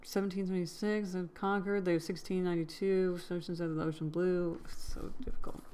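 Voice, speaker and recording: A woman's voice: on the low side, flat delivery, a little fast, warm tone, slight background noise. A woman hosting a casual read-aloud, rambling and thinking aloud between passages and correcting herself as she goes. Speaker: channel host reading a novel aloud.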